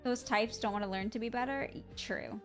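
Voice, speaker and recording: A woman's voice: a little high, normal speed, soft background music. A woman live streamer chatting casually with her viewers, blunt and swearing freely, laughing through her stories.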